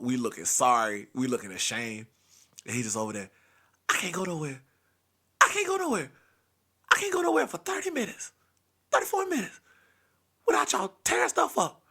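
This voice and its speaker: Animated, gravelly comic storyteller man. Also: medium pitch. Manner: animated, emphatic, dramatic swings in loudness. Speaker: podcast host. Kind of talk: comedic storytelling.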